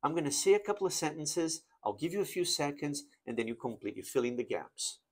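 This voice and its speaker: A man teaching an English grammar lesson, explaining slowly and reading example sentences with exaggerated intonation. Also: on the high side, expressive.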